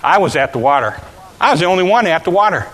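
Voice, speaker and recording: A male preacher tells a story in a sermon and shouts out the characters' calls with volunteers beside him. His voice is bright and forceful and sits a little high. It rings with the long reverb of a large hall. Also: lively intonation, fast. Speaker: pastor.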